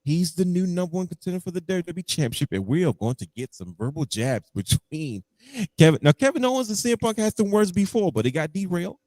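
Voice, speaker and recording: A man's voice: sits high, very animated, fast talker, a little mellow, no room sound. A man co-hosting a podcast in casual chat, telling stories animatedly and acting out his own reactions. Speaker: podcast co-host.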